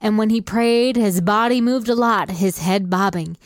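A woman co-hosting a podcast, reading a passage aloud in an even narrating tone. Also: medium pitch, moderate pace, dry recording, clean studio sound. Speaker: podcast co-host. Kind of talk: casual chat and reading aloud.

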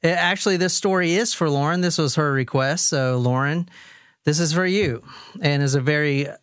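A man's voice: on the high side, moderate pace, fairly bright tone, clear, resonant tone. A man hosting a podcast, joking crudely and rambling in casual banter. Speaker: podcast host.

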